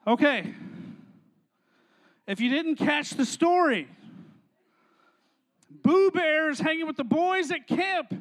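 A young man leads a youth service, his voice unusually high and bright in tone. He stays playful and energetic, bantering with kids between skits. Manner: playful, energetic, talks to crowd. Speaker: youth pastor. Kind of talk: youth sermon with skit.

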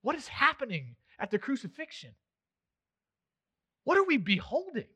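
A man preaching a sermon in church as pastor, moving between emphatic, raised passages and quiet, intimate ones. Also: extremely high pitch, huge pitch swings, moderate pace, husky. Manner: swings from loud emphatic preaching to hushed, intimate delivery.

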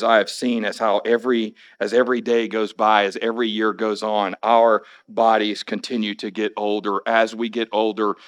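Hoarse male pastor, forties, personal sermon with wry asides. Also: medium pitch. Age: 40s. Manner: personal storytelling with wry humor. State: hoarse after illness. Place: church sanctuary.

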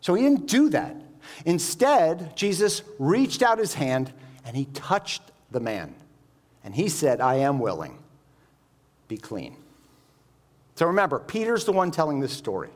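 Man, preacher, sermon, very lively intonation, slightly high voice, explanatory, rhetorical questions. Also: moderate pace.

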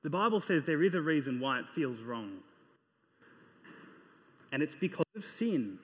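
A man preaching a sermon, reading scripture aloud and putting questions to his listeners in an earnest way. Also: fairly high pitch. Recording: dull sound with long reverb in a hall.

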